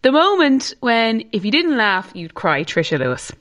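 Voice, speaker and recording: An Irish woman hosting a podcast interview, expressive and often laughing. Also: fairly high pitch, normal speed. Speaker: podcast host. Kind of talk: casual interview.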